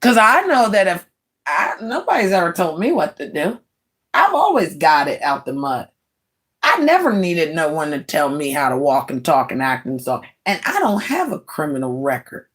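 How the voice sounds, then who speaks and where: A woman's voice: deep voice, big pitch swings, normal speed, a bit bright, breathy edge. A woman in her late forties ranting bluntly on a livestream, scornful and mocking, with laughing asides. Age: 40s. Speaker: livestream host. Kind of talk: livestream rant.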